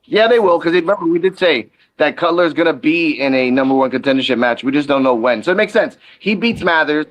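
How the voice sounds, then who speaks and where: A man co-hosting a casual wrestling podcast, who gives quick rundowns with sudden excited outbursts. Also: on the high side. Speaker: podcast co-host.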